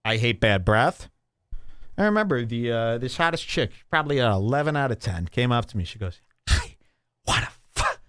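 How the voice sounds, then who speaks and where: A man hosting a podcast, delivering a mocking comedic rant with exaggerated swings between loud and low. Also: sing-song, a little fast, smooth, dry recording, clean studio sound. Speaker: podcast host. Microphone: studio microphone.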